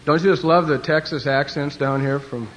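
A joking pastor from Wyoming speaks to a youth conference, spinning stories and slipping into funny voices. His voice sits a bit high for a man. The old recording is dull, with a faint hiss behind it. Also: fairly even intonation, moderate pace. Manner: joking storyteller doing voices. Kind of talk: humorous speech to a youth conference.

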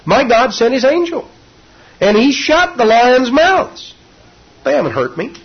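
A male preacher voicing Daniel as a calm, faithful man unharmed in a lions' den, reassuring in plain folksy words. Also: very high voice, a little slow, slightly rough, voice pushed up, exaggerated voice. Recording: dull lo-fi recording.

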